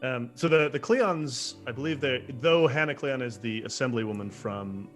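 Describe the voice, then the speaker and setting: A man running a tabletop role-playing game, describing scenes in a relaxed, rambling way. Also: mid-range voice, normal speed, soft background music. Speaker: game master.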